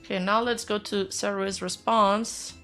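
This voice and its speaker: A woman's voice: medium pitch, steady tone, a little slow, fairly bright tone, soft background music. A woman streamer casually reacting to news, reading posts aloud and chatting with her viewers. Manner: chatty, answers chat, reads text aloud.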